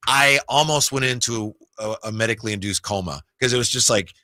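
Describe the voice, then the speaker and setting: A man's voice: medium pitch, brisk, no echo. A man hosting a sports radio show, joking around in casual chat at a studio mic. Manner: playful, jokey, animated delivery. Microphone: studio microphone.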